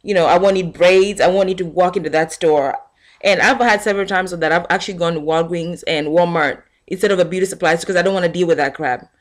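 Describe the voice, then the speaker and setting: A young woman vlogger telling a casual, animated rant to her camera and acting out what people said. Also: lowish voice, fast. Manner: animated storytelling, acting out quotes.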